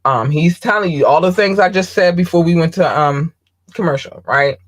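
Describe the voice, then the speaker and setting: This female podcast host has a fairly low pitch and speaks in a frank, casual monologue. Swearing comes easily to her, and she often stops with an um.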